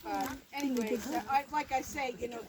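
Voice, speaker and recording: A middle-aged woman sharing memories at a family memorial gathering, telling stories in a halting, rambling way with many restarts. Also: sits high, fairly even intonation, crowd noise. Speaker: former daughter-in-law sharing memories. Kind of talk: informal memorial remembrance.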